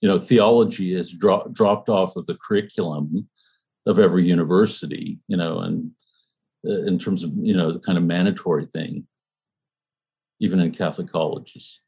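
A man with a very low, slightly husky voice and a dark, mellow tone leads a small study group. He talks in a thoughtful, halting way with many fillers and restarts, then settles into reading passages aloud. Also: fairly even intonation, highs cut off. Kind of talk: book discussion and reading aloud.

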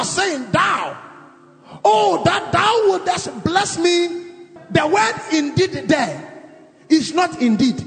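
Pastor, male, very high and lively voice, slow gravelly preaching over faint music. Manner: preaching with declarations and shouted emphasis. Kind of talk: sermon. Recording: long reverb, faint music.

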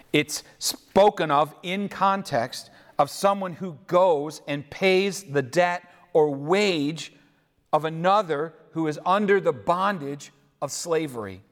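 A man preaching a sermon, deliberate and questioning, addressing listeners who worship at home. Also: a little high. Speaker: pastor. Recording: echoey hall reverb.

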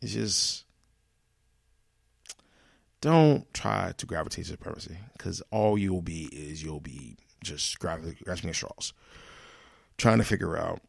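A man's voice: low-pitched, animated, unhurried, creaky, long pauses, breathy edge, no room sound, studio quality. A man hosting his own podcast, ranting alone in a profane, exasperated way with many restarts. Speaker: podcast host. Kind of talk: solo ranting monologue.

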